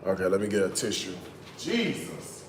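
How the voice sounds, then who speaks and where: A man's voice: mid-range voice, expressive, a little slow, reverberant, slight background noise. A man hosting a cooking live stream in his home kitchen, chatty, with teasing asides to viewers. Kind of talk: casual live-stream chat.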